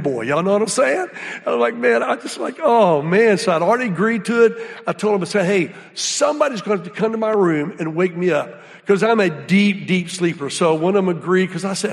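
Male preacher with a high voice, lively folksy storyteller, reverberant hall. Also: creaky. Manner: animated storytelling, folksy, drops to hushed awe. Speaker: guest speaker. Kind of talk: sermon.

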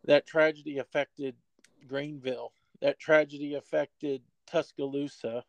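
A man who works as a sports information director, telling a story emotionally and haltingly, with many fillers. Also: mid-range voice, gravelly, darkish tone, no echo. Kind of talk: storytelling in an interview.

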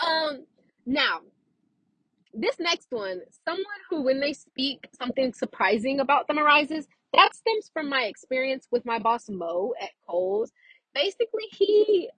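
A woman's voice: high voice, sing-song, measured pace, a bit bright, dry recording, low-quality recording. A young woman, chatting animatedly to camera, full of fillers and laughs. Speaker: vlogger. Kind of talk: casual chat to camera.

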